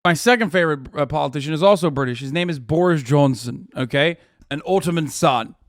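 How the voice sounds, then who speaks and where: A man's voice: on the high side, fairly quick, no room sound, studio quality. A male streamer reacting to chat, ranting heatedly with plenty of profanity and sarcastic jokes. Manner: jokey, trailing off into mumbles.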